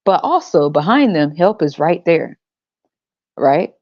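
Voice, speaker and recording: A blunt woman podcast host who rants with sarcasm and frequent swearing. Her voice sits low and dark, with lively swings in pitch. The sound is dry, dull and lo-fi. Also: slow pace, no echo. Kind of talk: casual podcast rant.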